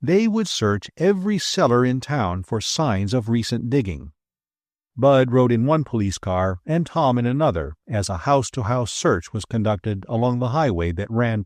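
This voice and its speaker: A man narrates an adventure audiobook in a lively, expressive voice with a middle pitch. The read is dry and close to the mic. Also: dry recording. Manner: expressive storytelling delivery.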